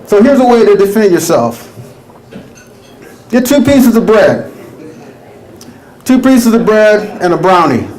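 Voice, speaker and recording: A man performing a stand-up comedy set, rambling and animated with lots of filler phrases. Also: high-pitched, unhurried, long pauses, echoey room, rough recording. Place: comedy stage.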